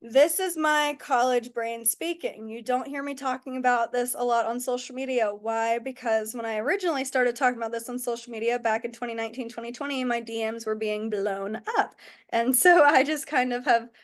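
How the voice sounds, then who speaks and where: Chatty young woman softball coach. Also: fairly high pitch, steady tone, fairly quick. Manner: chatty, lots of "like" and "oh my goodness". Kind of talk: casual coaching talk with storytelling.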